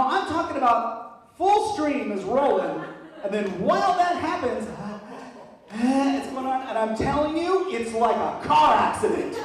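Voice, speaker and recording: A man's voice: extremely high pitch, heavy reverb, distant mic, rough recording. A man doing stand-up, telling stories with lots of energy and laughing through them. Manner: animated, laughing through his own stories. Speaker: stand-up comedian. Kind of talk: stand-up storytelling.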